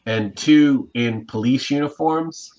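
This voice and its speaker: A man's voice: medium pitch, slow, a little mellow. Man narrating a tabletop game, muffled. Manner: hesitant, full of fillers. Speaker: game master. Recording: muffled, faint hiss.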